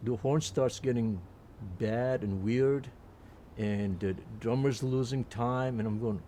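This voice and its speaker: Older man of about 80; mid-pitched, chatty raconteur who restarts his sentences and acts out quotes. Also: slow, a little hiss or hum. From Turkey. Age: around 80. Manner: lively anecdotes, quotes people in put-on voices, frequent restarts. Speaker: jazz pianist. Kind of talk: reminiscing storytelling.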